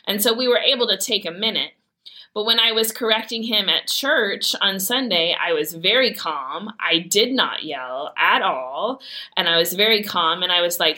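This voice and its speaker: A woman's voice: mid-range voice, animated, moderate pace, bright, forceful tone. A woman in her forties, a mother of teens, talking casually about parenting and prayer in a candid storytelling way. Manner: candid storytelling with laughs and acted quotes. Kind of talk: casual faith-based talk.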